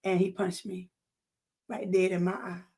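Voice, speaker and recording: A woman's voice: fairly low pitch, flat delivery, a little slow, warm tone, husky. A woman giving a personal testimony to an audience, earnest, speaking to them directly and repeating phrases for emphasis.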